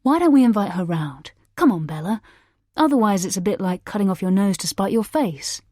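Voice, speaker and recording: A woman's voice: mid-range voice, expressive, a little fast, darkish tone, dry recording, studio quality, natural voice. Eager, placating young husband, as a woman reads him. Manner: hopeful, pleading.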